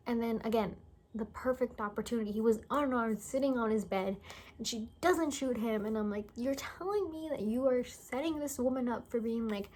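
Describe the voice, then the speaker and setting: A woman's voice: on the high side, moderate pace, a little mellow. A young woman giving a casual, exasperated movie review, sarcastic and stumbling over her words at times.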